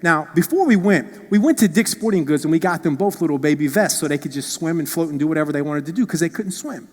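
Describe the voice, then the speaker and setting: High-voiced, animated man giving a keynote. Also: fast. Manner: animated storytelling with playful asides. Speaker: keynote speaker. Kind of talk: motivational keynote speech. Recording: long reverb in a large hall.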